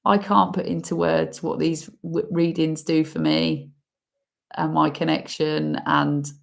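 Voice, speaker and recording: A woman's voice: deep voice, flat delivery, creaky. A woman giving an emotional spoken oracle card reading, heartfelt and full of sighs. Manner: slow, heartfelt, breaks into emotional laughs and sighs.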